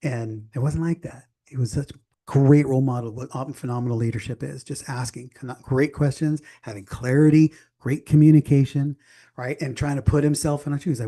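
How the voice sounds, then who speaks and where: A man co-hosting a sales podcast in an easygoing, animated way. His voice is warm and mellow, with a middle pitch. He slips into short quoted lines to make his point. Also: brisk. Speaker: podcast co-host. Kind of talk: casual business talk.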